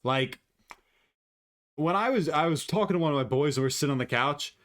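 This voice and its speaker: A man's voice: on the high side, fairly quick, a bit bright. A man hosting a casual sports commentary video, blunt and opinionated, swearing freely. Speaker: host.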